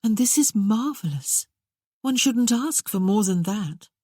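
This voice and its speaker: A woman's voice: medium pitch, expressive, unhurried, a little mellow, slightly rough, no room sound, clean studio sound, pitched above the performer's own voice. A woman voicing a spirited, curious young Regency lady who talks in a playful, wondering way. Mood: wistful.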